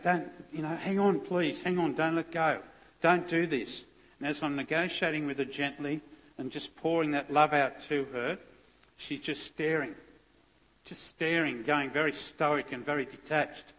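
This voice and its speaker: A man's voice: medium pitch, a bit bright. A middle-aged man, a police officer giving a heartfelt, conversational personal testimony as a guest speaker. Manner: heartfelt, conversational storytelling with restarts. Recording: long echoey hall reverb.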